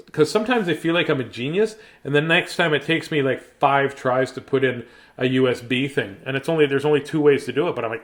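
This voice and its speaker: A man hosting a bedtime story show, chatting in a playful, rambling way with silly asides. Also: on the high side. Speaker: storybook reader and host. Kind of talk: casual bedtime story chat.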